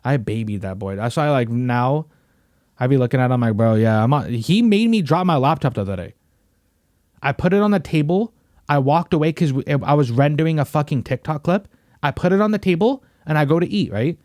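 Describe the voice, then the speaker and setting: A man's voice: mid-range voice, expressive, fairly quick, darkish tone, no room sound, clean studio sound. A young man hosting a podcast, chatting casually in a slangy, rambling way full of "bro" and "you know what I mean". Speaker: podcast host. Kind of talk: casual chat.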